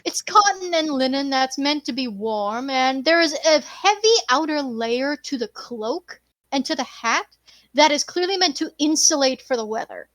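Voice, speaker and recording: A woman's voice: sits high, lively intonation, moderate pace, fairly bright tone, no echo. A woman narrating a tabletop game as game master, describing scenes in a playful way.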